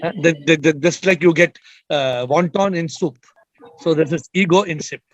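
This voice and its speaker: A man's voice: a little high, moderate pace, lo-fi sound, background noise. A man hosting an online spiritual question session on a video call, probing the participants and repeating his questions with light jokes.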